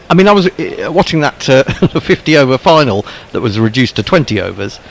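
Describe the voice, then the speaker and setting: A man's voice: medium pitch, big pitch swings, normal speed, creaky. A man calling ball-by-ball cricket commentary in a wry, rambling way, full of ums and asides.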